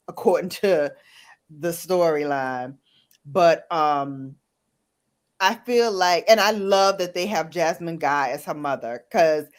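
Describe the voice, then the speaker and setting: A woman hosting a casual chat while doing her makeup, talking about a TV show in a chatty, animated way. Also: lowish voice. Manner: chatty, animated, recounting shows. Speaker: host.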